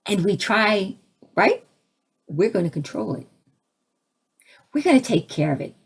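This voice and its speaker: A woman giving a conversational spiritual talk, asking her listeners questions and turning animated as she acts out her own reactions. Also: measured pace, husky. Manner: animated, rising to high exclaims when acting out her own reactions; conversational, asks the audience questions. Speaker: spiritual teacher.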